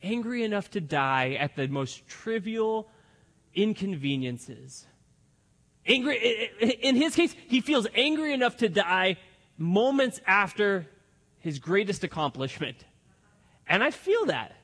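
A male pastor giving an animated sermon and acting out the lines of the story's characters. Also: high voice, a little slow, long reverb tail.

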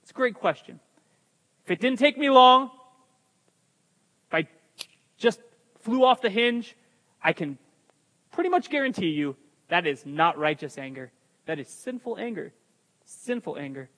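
High-voiced man preaching in a hall. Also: big pitch swings, a little slow, pauses often, sharp tone. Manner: emphatic preaching with asides to the congregation. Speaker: pastor. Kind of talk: sermon. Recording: long hall reverb.

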